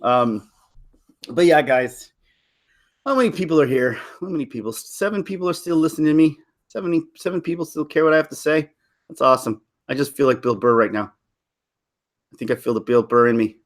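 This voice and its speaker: A man's voice: mid-range voice, a little fast, long pauses. A man from Toronto chatting casually to viewers on a live stream, rambling with frequent laughs and restarts. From Toronto, Canada. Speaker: livestream host.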